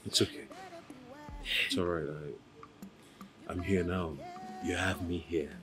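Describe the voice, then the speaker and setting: An actor playing a gentle young man who reassures and comforts softly. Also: sits low, steady tone, takes it slowly, music in the background. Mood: soothing. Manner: soothing, reassuring, repeating himself.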